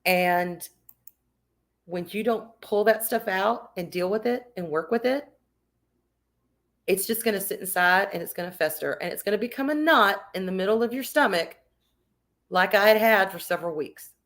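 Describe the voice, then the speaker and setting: A woman's voice: mid-range voice, moderate pace, a bit bright. A woman streamer chatting casually and reading out her viewers' comments, candid and emphatic, swearing freely. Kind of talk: casual livestream chat.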